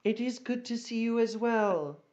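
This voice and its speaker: A regal empress, a man putting her on, pitched up, grand and commanding, for a tabletop game. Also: normal speed, a little mellow, dull audio. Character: grand female sorceress empress.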